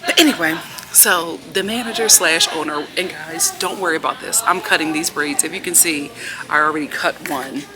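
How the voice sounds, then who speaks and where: A woman vlogging outdoors on a city street, filming herself on her phone. She tells a story in a chatty, animated way and acts out what people said. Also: sits low, normal speed, noisy background. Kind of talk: casual storytelling vlog. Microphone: phone camera held while filming herself.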